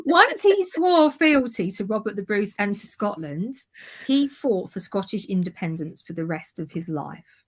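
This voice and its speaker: A woman chatting through history on a livestream. She rambles, backtracks and corrects herself. Her pitch sits in the middle of the usual range. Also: sing-song, moderate pace. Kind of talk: casual chat.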